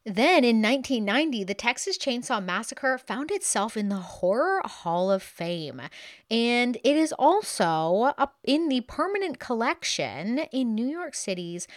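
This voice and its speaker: A woman hosting a podcast in a chatty, animated way, acting out little quotes as she talks. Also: a little high, unhurried, dry recording, clean studio sound. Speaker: podcast host. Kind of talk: casual podcast talk.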